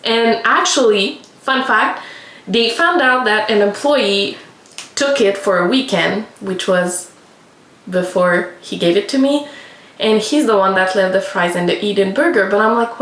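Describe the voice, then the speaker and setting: A woman's voice: medium pitch, fairly bright tone. Young woman doing makeup and chatting, swears a lot, says like constantly, echoey room. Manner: chatty, swears freely, lots of "like". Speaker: beauty vlogger. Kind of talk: casual storytelling while doing makeup. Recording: roomy echo.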